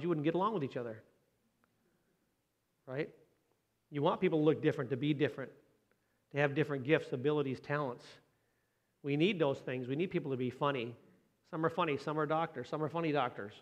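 A man's voice: on the high side, fairly even intonation, a little fast, long pauses, muffled recording. A man giving a conversational sermon as pastor, often asking the congregation questions.

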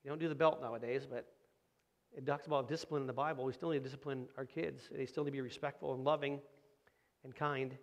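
A man's voice: mid-range voice, fairly even intonation, fast talker. A middle-aged man preaching a conversational sermon, asking rhetorical questions and acting out quoted voices. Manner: acts out quoted voices of kids and parents. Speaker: pastor.

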